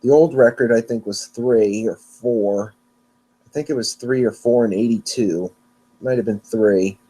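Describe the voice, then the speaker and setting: Guy rambling through his weather show, mellow dark voice, kinda sleepy, keeps restarting himself. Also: mid-range voice, a little slow, husky. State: yawning, sleepy. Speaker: weather podcast host. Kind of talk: casual solo podcast talk.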